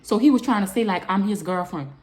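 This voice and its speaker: Animated young woman telling a story. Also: fast. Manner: animated storytelling, Southern US slang, jumps into high loud bursts when upset. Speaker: vlogger telling a personal story. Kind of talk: casual storytime vlog.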